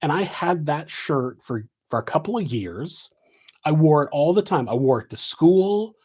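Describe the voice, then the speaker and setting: A man's voice: a little high, expressive, normal speed, darkish tone, breathy edge. Rambling middle-aged man, casual host. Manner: loose and meandering, many restarts. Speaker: host answering viewer questions. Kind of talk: rambling live Q&A chat. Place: home office.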